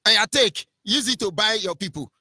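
Fiery high-voiced Nigerian man preaching politics. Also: lively intonation, fairly quick, pushed and bright, no room sound. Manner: fiery, preachy, with many rhetorical questions and sing-song rises. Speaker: radio host. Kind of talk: impassioned political commentary.

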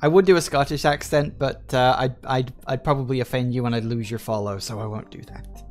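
A man's voice: medium pitch, fairly even intonation, brisk, soft background music. A man with an English Midlands accent giving chatty, joking live commentary while streaming a game and answering his chat. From England.

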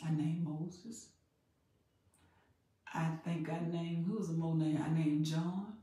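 A woman preaching a sermon in an emphatic, repetitive way that builds in loudness. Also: low voice, fairly even intonation, slow. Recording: very echoey room, voice far from mic.

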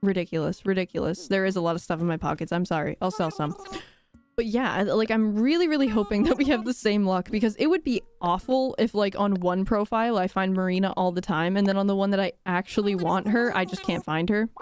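A woman's voice: medium pitch, a little fast, darkish tone. A young woman chatting casually on a live game stream, rambling and laughing often with dramatic sighs. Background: faint game music.

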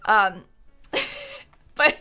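A woman's voice: drawn-out words, sharp tone, faint music behind. A young woman in her twenties chatting casually on a live game stream, giggly and talkative. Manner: giggly, chatty, often breaks into laughter. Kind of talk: casual live-stream chat while playing a life-sim game.

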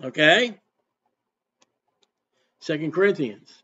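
Guy preaching a sermon, kinda high voice, loud bursts then quiet asides, muffled lo-fi recording. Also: animated, slow, husky. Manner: emphatic, repetitive, switches between loud outbursts and quiet asides. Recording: dull lo-fi recording.

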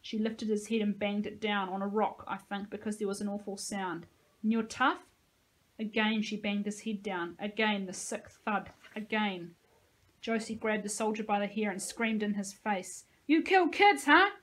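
A woman, a teacher, reading a novel aloud with expressive, dramatic storytelling. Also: mid-range voice, normal speed, low-quality recording.

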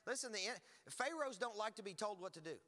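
High, bright-voiced preaching man. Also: a little fast, long reverb tail. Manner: energetic, emphatic preaching with laughs and asides. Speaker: pastor. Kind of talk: sermon. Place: church hall.

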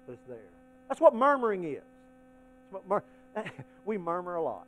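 A male pastor preaching a folksy sermon to his congregation, swinging between hushed asides and loud, emphatic points. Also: sits high, sing-song, normal speed, pauses often, low-quality recording. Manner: folksy, addresses the congregation as y'all.

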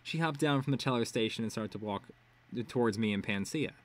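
A man's voice: medium pitch, a little fast, a little hiss or hum. A man reading a web serial aloud casually, with ad-lib asides and swearing. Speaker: reader.

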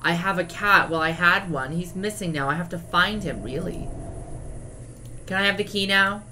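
A man's voice: high-pitched, moderate pace, background noise, natural voice. A drag queen streamer voicing a young girl in a video game, speaking earnestly and pleadingly in a raised voice. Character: young girl searching for her lost cat.

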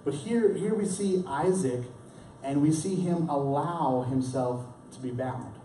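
Preaching in a roomy church hall, a pastor whose voice is fairly high and mellow takes an unhurried pace, picked up by a distant mic with slight background noise. He's young adult or middle-aged, keeps the sermon conversational, often restarts his words, and acts out the story's lines dramatically.

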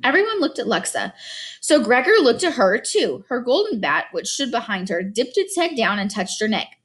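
A woman's voice: fairly high pitch, very animated, moderate pace, a bit bright. A woman teacher reading a novel chapter aloud to her students, then chatting expressively about it.

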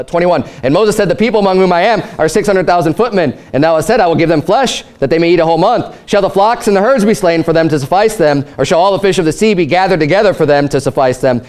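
A pastor delivering a sermon, reading scripture and acting out lively paraphrased dialogue. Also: male voice, a little high, fairly quick, hardly any pauses. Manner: animated preaching with paraphrased dialogue.

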